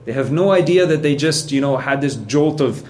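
A man's voice: medium pitch, normal speed, darkish tone, slight background noise. A man giving a casual religious lesson in a conversational way, often checking in with "right?" and acting out how people react. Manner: conversational, keeps asking "right?". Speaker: religious teacher.

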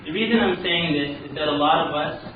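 A man's voice: fairly high pitch, a little fast, over a noisy crowd. A man from Canada giving a religious talk, telling a story and acting out its characters. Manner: animated, voices the characters in his story. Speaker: speaker. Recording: roomy lo-fi sound from far off.

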